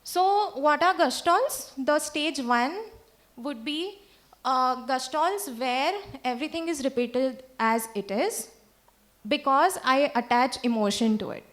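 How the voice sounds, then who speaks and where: A high-pitched woman delivers a conference lecture on speech therapy. She explains patiently and keeps checking in with her listeners. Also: expressive, takes it slowly, fairly bright tone. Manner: explanatory, checks in with "right?" often. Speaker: speech-language pathologist lecturer.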